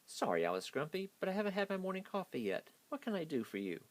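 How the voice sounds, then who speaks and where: A grumpy ice witch from a children's storybook, shouting and huffing at anyone who bothers her, voiced by a man. Her voice jumps high and low, snappish and gruff. The reading is dry and close. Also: very animated, fast talker, dry recording. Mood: sleepy apology. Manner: shouting, huffy.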